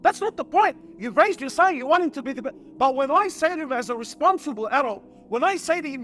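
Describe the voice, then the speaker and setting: Aussie guy preaching to a crowd, really high voice, keeps going "brother" and asking questions. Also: lively intonation, fairly quick, few pauses, fairly bright tone, faint music behind. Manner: passionate, addresses crowd as brother, rhetorical questions. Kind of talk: impassioned sermon. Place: lecture hall before an audience.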